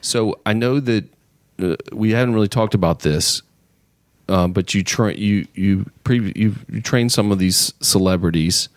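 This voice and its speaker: A man hosting a casual podcast interview, joking and stumbling through quick restarts. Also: sits low, dry recording. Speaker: podcast host.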